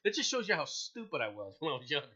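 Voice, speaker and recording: Animated middle-aged man telling a story. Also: a little high, very fast, dull audio, crowd noise. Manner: animated, acts out quoted voices, laughs often, repeats words. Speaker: show host. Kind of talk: casual storytelling chat.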